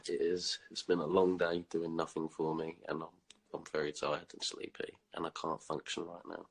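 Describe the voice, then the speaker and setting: A young man with a deep, gravelly voice and a stuffed-up nose from a cold. He chats in a laid-back, joking way on a phone live stream, and his voice sounds husky. It is loose late-night talk. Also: little pitch movement, normal speed. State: congested with a cold. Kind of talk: casual late-night chat. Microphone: phone on a live stream video call.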